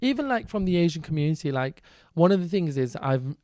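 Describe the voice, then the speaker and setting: A man with a Northern English accent, chatting as a podcast guest. His voice sits a little high, and he tells stories with energy, often acting out what other people said. The sound is dry and close, with no room echo. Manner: animated, quick storytelling with acted quotes. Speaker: guest, content creator and teacher. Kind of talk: casual podcast interview.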